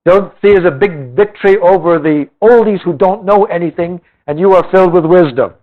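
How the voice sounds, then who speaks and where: Male Bible teacher, emphatic, slightly high voice, poor tinny old class recording. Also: a little fast. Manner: reads scripture aloud then explains it emphatically.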